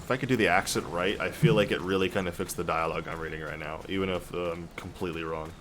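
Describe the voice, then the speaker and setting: A man's voice: low voice, fairly even intonation, fast, background noise. A man streaming a game and chatting casually with wry, laid-back asides. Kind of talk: casual gameplay commentary.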